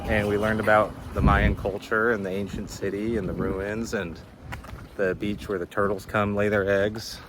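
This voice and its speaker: Relaxed low-voiced young man vlogging. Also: moderate pace, background noise. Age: young adult. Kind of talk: casual travel vlog chat. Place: outdoors on a trip.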